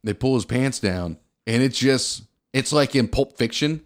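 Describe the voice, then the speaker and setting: A man co-hosting a casual comedy podcast, telling crude jokes and animated stories. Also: mid-range voice, measured pace. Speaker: podcast co-host.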